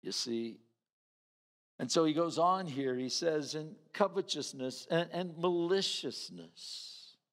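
A man's voice: on the high side, slow pace, a bit bright. A man preaching a sermon in a conversational way, acting out the voices of the people he quotes. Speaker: pastor. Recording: reverberant hall.

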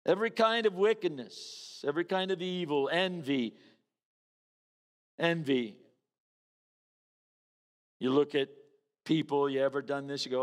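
A pastor preaches a sermon conversationally, acting out the voices of the people he quotes. His voice is a little high, his pace measured, and he pauses often, all in a reverberant hall.

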